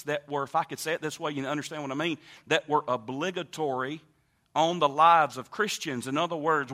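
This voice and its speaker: A male pastor preaching a sermon, emphatic, repeating phrases and swinging between loud and quiet. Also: fairly high pitch. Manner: emphatic preaching with repetitions and wide swings in loudness.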